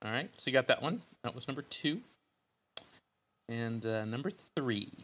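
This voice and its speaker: A man's voice: medium pitch, animated, moderate pace, a bit bright, a little hiss or hum. A man hosting a podcast in casual, joking chat, loose and full of ums. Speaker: podcast host.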